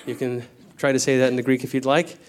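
A man preaching a Bible teaching sermon in a conversational way, often checking in with the congregation and slowing down to explain word meanings. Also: mid-range voice, little pitch movement. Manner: conversational, peppered with "okay?" checks.

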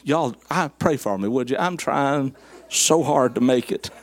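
A man preaching, a folksy, animated storyteller who speaks to his congregation in southern address. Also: mid-range voice, a little slow. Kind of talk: storytelling sermon.

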